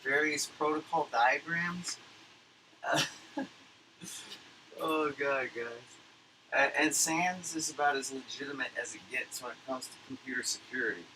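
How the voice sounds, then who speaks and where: A man's voice: medium pitch, measured pace, long pauses, bright, forceful tone, slight background noise, rough recording. A man rambling through a casual, profanity-laced monologue as a livestreamer at home at his computer. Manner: rambling, profane, filler-heavy. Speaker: livestreamer recapping a conference.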